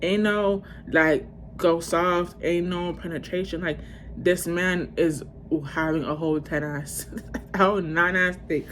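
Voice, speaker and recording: A woman in her twenties telling a storytime tale to her viewers in a casual, profane, rambling way, breaking into loud outbursts. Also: fairly low pitch, fairly even intonation, a little slow, slight background noise. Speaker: vlogger.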